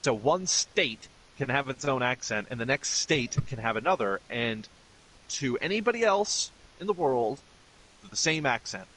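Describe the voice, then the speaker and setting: A man's voice: medium pitch, animated, measured pace, fairly bright tone, low-quality recording. A middle-aged man streaming games, ranting bluntly and swearing freely in casual commentary. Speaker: gaming streamer. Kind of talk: casual commentary over gameplay.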